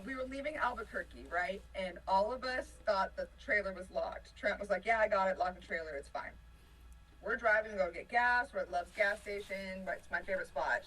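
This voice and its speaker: A woman from a touring band telling an animated story in a casual interview, laughing often and swinging between excitement and panic. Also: mid-range voice, distant mic, slight background noise, low-quality recording. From United States. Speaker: band member.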